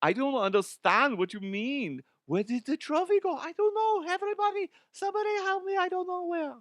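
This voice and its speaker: A man voicing a bewildered, panicked German trophy owner in a high, strained falsetto and an exaggerated mock German accent, like a comedy bit. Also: lively intonation, a little fast, a bit bright, no echo, clean studio sound. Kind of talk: comedic impression.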